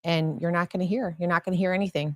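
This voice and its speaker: Woman co-host, low voice, dry sound. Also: steady tone, dry recording. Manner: emphatic, fast-flowing, many fillers. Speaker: podcast co-host. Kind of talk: casual political talk.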